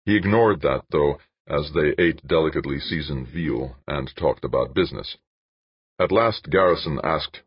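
A man narrating an audiobook in a steady, even storytelling manner. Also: very deep voice, normal speed, husky, dry recording. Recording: dull, dry narration recording.

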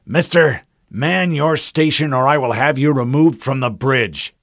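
A man's voice: a little high, expressive, moderate pace, fairly bright tone, no echo, clean studio sound, voice pushed up. A man doing a stern starship commander. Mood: commanding. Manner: clipped, commanding orders. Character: stern male starship commander, calm under fire.

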